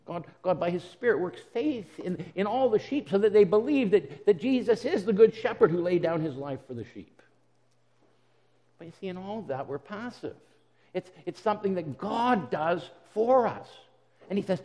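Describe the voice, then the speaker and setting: A man's voice: sits high, expressive, moderate pace, dark tone, big-room sound. A man preaching a sermon in an earnest way, often repeating words as he goes and voicing the words of God and Jesus. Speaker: pastor.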